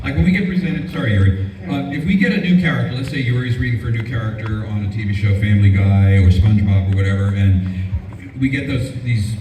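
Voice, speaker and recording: A man's voice: lowish voice, fast talker, dark tone, slight background noise. An older man who is a voice actor, answering fans at a convention panel with jokes and self-deprecating stories. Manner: joking, self-deprecating storyteller. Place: large convention panel hall. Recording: echoey hall, speaker far from mic.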